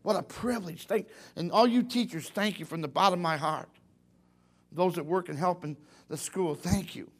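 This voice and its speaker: A middle-aged man preaching a sermon in a folksy, animated way, acting out little quotes. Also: sits high, normal speed.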